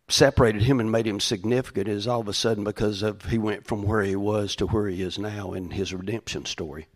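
A middle-aged man, a pastor, giving a conversational sermon in a folksy way, with side stories and frequent restarts. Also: lowish voice.

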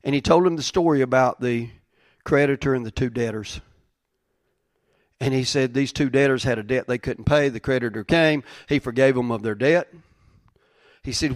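A man preaching a sermon in a plain-spoken, folksy way, repeating phrases for emphasis and swinging between loud and soft. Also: medium pitch, normal speed, pauses often, no echo. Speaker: pastor.

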